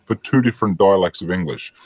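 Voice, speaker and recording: A very deep, husky man chats casually and crudely. He jokes and asks long, rambling questions. The sound is dry and close to the mic. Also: quick pace, darkish tone, dry recording. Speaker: podcast co-host. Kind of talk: casual chat.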